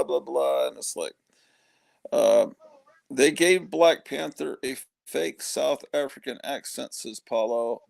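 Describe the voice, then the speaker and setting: A man's voice: a little high, gravelly, darkish tone, dry recording. A middle-aged man hosting a casual chat show, tired, rambling and joking as he talks. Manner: rambling, joking, self-interrupting. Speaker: host.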